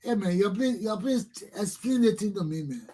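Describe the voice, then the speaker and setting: A man's voice: high-pitched, lively intonation, moderate pace, dark tone. A man with a Liberian English accent hosting a talk show, giving impassioned political commentary and repeating himself as he addresses his listeners.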